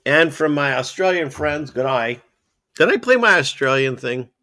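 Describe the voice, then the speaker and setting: A man's voice: a little high, expressive, moderate pace, bright, forceful tone, dry recording, clean studio sound. A man hosting a casual commentary show, talking in a sarcastic, scoffing, rambling way. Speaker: podcast host.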